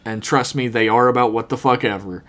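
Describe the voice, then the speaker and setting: A man co-hosting a casual podcast, introducing listener emails and tossing in quick jokes and asides. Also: mid-range voice, fairly even intonation, a bit bright. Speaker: podcast co-host. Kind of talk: casual chat.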